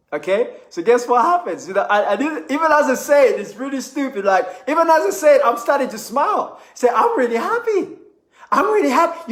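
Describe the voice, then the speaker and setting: A man giving an energetic motivational talk, often repeating words and acting out cheerful quoted voices. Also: sits high, reverberant. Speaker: motivational speaker.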